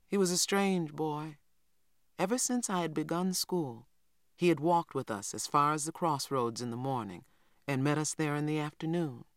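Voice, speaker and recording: A narrator reads an audiobook in a steady, even way, with a voice that sits in a middle pitch range. The mic is close and the recording is dry, with no room sound around the voice. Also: dry recording.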